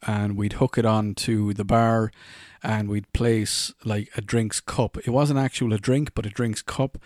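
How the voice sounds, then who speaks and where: A man's voice: on the low side, a little mellow, no room sound, studio quality. An Irish man in his forties, a podcast host rambling through funny anecdotes and laughing at his own stories. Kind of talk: casual anecdotal storytelling.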